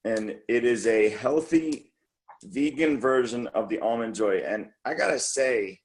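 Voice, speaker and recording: A man's voice: medium pitch, measured pace, rough recording. A man co-hosting a team call, giving an enthusiastic, rambling product recap full of fillers and restarts.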